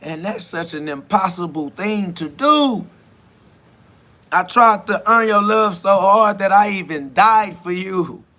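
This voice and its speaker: A man with a high, bright voice hosts his own podcast in a freewheeling spiritual monologue. He rambles in a conversational way, keeps saying "you feel me," and laughs often. His voice swings between loud bursts and hushed stretches. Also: a little slow. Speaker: podcast host.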